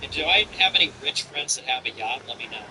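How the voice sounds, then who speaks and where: A man's voice: mid-range voice, animated, quick pace, sharp tone, slight background noise, low-quality recording. A man hosting a livestream, chatting casually and ranting bluntly with frequent profanity. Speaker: livestream host.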